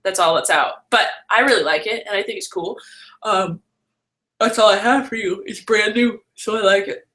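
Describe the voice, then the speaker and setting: With a medium-pitched, slightly bright voice, a young woman rambles chattily through a casual live stream. She responds to her viewers, peppers her speech with "like," and makes rapid self-corrections.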